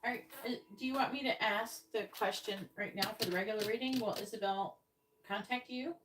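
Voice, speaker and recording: A woman's voice: mid-range voice, echoey room. A woman giving a psychic reading on a live stream, talking to viewers and listing signs, letters and numbers, a little exasperated when correcting them. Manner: talks to viewers, repeats and spells out signs, letters and numbers slowly. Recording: slightly distant mic with faint noise.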